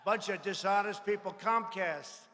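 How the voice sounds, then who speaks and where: A man's voice: sits high, moderate pace, sharp tone. A man giving a campaign rally speech in a large convention hall, boastful and mocking, repeating his phrases for effect. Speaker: political speaker at a rally.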